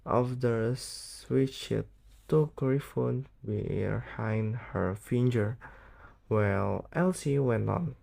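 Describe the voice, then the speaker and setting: A teenage student reads a classic novel aloud, slowly and carefully. His tone is mellow and soft, and he often stumbles over words or gets them wrong. It sounds like a school read-aloud, not a polished narration. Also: mid-range voice, gravelly. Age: late teens. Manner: halting, misreads words, stumbles. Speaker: student reading an audiobook.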